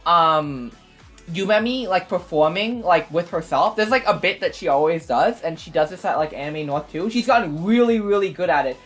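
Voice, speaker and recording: A woman streamer recapping an event in a casual, rambling way, full of fillers and excited asides. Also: lowish voice. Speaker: VTuber streamer. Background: faint background music.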